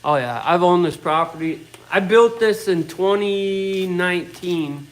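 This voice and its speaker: In his own workshop, a middle-aged man rants bluntly and casually, swearing constantly. His voice is high and unhurried, and the audio quality is poor.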